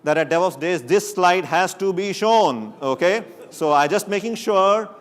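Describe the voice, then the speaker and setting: Animated male conference speaker. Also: high-pitched, a little slow. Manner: lively, joking, with sudden emphatic rises. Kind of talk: technical conference talk. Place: conference stage before an audience.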